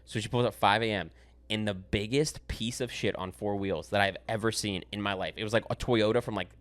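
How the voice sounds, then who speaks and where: A young man hosting a podcast, telling stories in a casual, animated, profane way and laughing as he goes. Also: fairly low pitch, fairly quick. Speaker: podcast host.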